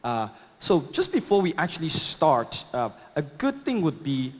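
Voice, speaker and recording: A man's voice: on the high side, very animated, measured pace. A man with an accent giving a chatty, upbeat tech talk at a conference, laughing at his own jokes and using lots of fillers. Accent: non-native English accent. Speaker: conference speaker. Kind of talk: live tech talk with demo. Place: large conference hall. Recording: long reverb of a conference hall.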